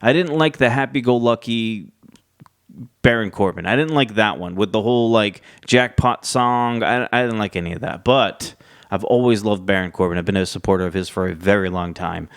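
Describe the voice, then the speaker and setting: A man's voice: lowish voice, normal speed, smooth, no echo, clean studio sound. A man casually recapping a wrestling show, chatty, with many fillers and restarts. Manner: chatty, acts out quotes in lively voices.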